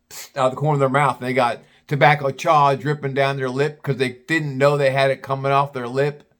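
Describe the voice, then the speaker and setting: A man's voice: on the high side, a little fast, fairly bright tone. A man telling a casual personal story, rambling with many restarts and blunt swearing.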